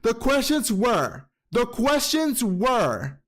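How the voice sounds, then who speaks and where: Man, high lively voice, gushing and swearing through a casual recap. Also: slow. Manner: gushing, profane and chatty; calls listener "girl" often. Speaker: anime recap vlogger.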